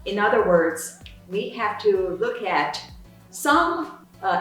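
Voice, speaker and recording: A woman's voice: medium pitch, fairly bright tone. A woman sociolinguist teaching a course, explaining points in a lecture-like dialogue. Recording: roomy echo, distant mic, faint music.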